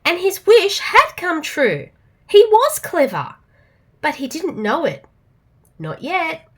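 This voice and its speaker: A woman with an Australian accent reading a storybook aloud to children, expressive and animated. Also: very high voice, slow pace.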